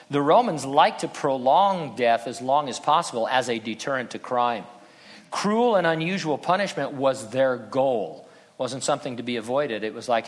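A man's voice: on the high side, fairly bright tone. A man preaching a sermon as pastor, conversational, with sarcastic asides. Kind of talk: expository sermon. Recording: long hall reverb.

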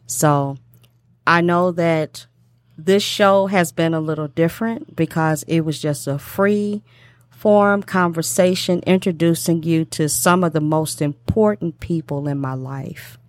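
A low-pitched middle-aged woman hosts a talk show in an unhurried, heartfelt way. She repeats her phrases and fills the gaps with "you know" and "um". The sound is dry and close. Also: no room sound. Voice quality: emotional, tongue-tied at times. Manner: warm repetitive speech with many fillers. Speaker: show host.

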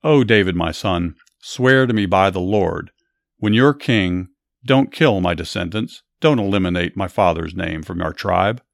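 Man voicing a broken remorseful king, imploring, sorrowful, low dry voice, story reading. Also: lively intonation, a little slow, creaky, no room sound, heavily acted. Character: remorseful old king Saul, broken and pleading.

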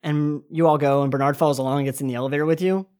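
A woman's voice: sits low, steady tone, very fast, dark tone. A woman narrating as game master of a tabletop game in a casual, loose way. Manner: casual, filler-heavy narration.

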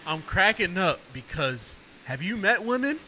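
A man's voice: high voice, a little slow, background noise. A man co-hosting a podcast in casual chat, acting out both sides of his stories and laughing often. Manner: animated storyteller, laughs a lot, acts out both sides. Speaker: podcast co-host.

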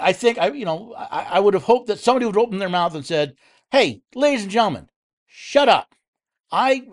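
A man's voice: sits high, darkish tone. A man hosting a political commentary show, speaking angrily and heatedly, with frequent restarts and repeated words. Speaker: host.

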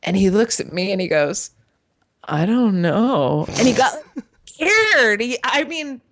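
Woman, podcast guest, lively storyteller with a swooping, animated pitch, crude and laughing. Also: moderate pace. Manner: animated, crude, laughs often, acts out quotes. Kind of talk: casual storytelling chat.

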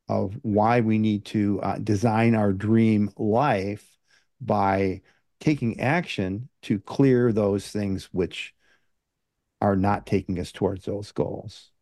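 A man's voice: on the low side, mellow, dry recording. A man hosting a podcast, chatting hesitantly with many fillers. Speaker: podcast host. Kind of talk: casual chat.

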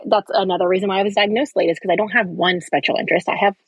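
A woman's voice: mid-range voice, steady tone, very fast, husky, dry recording, rough recording. A woman guest on a podcast, explaining earnestly and piling up examples in casual conversation, close to the microphone.

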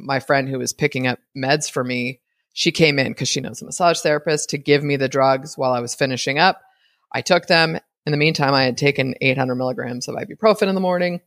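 A woman's voice: very deep voice, creaky, no echo, clean studio sound. A woman hosting a podcast, chatting casually and rambling as she retells a story and acts out what people said. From United States. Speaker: podcast host.

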